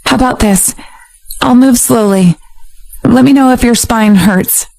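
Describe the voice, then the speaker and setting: A woman's voice: a little high, a little slow, vocal fry, darkish tone, faint music behind, voice pushed up, poor audio. A woman voicing an indignant, flustered young woman in a romance audiobook. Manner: exasperated, protesting.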